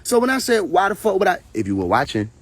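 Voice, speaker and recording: A man's voice: high voice, wildly swooping pitch, fast talker, breathy edge. A man hosting a live stream, ranting in a confrontational, preachy way, full of profanity and repeated phrases, talking from a phone. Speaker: livestream host. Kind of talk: heated casual rant on a live stream.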